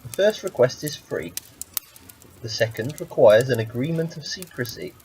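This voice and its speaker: A man voicing a calm talking rattlesnake who grants wishes, patient and dryly joking as he explains. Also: medium pitch, normal speed, slight background noise, close to an everyday voice. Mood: wry.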